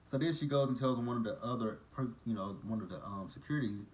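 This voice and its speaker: A man's voice: mid-range voice, fast talker, a little mellow. A man casually recapping a TV episode, with blunt, profane and mocking asides. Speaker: TV episode reviewer.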